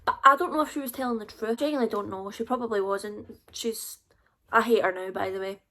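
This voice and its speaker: A woman's voice: medium pitch, fairly quick, pushed and bright. A young woman with a Scottish accent telling a casual storytime to her viewers, chatty and confiding. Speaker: YouTuber.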